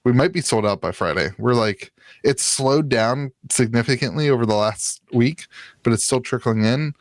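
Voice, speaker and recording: Ohio guy cohosting a card game podcast, dry sound, mid pitch, lots of ums and jokes. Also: normal speed, no echo. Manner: rambling, filler-heavy, jokey. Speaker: podcast co-host. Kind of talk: casual chat about trading card games.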